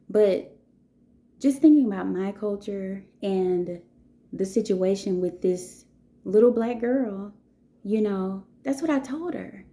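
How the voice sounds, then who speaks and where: A woman in her thirties speaks to her viewers in a relaxed, conversational monologue. Her voice is dark and mellow. She keeps checking in with "okay?" and "you know" as she goes. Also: medium pitch, takes it slowly. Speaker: vlogger. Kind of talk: casual storytelling monologue.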